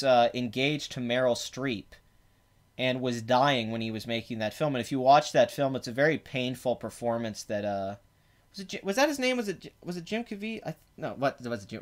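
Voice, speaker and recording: A man hosting a podcast in casual chat, rambling and correcting himself with many fillers. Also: mid-range voice. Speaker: podcast host.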